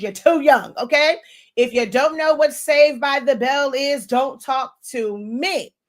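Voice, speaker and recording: A woman in her thirties, an online design instructor, giving a casual, chatty lesson, talking fast with laughs between phrases. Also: high-pitched. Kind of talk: casual teaching talk.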